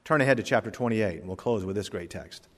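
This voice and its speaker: A male pastor preaching a sermon and reading scripture, with dramatic swings between loud emphasis and quiet asides. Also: on the low side, expressive, fast. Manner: reads scripture in King James wording. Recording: long hall reverb.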